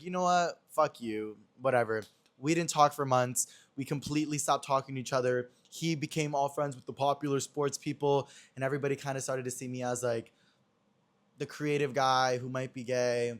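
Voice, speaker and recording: A man's voice: mid-range voice, little pitch movement, brisk. A young man hosting a podcast in a small room, chatting casually and acting out quotes as he retells a story. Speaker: podcast host.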